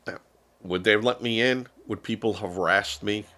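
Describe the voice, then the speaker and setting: A man's voice: on the low side, normal speed, sharp tone. An older man from the United States who is feeling unwell, giving rambling, sarcastic political commentary with lots of fillers on a live stream.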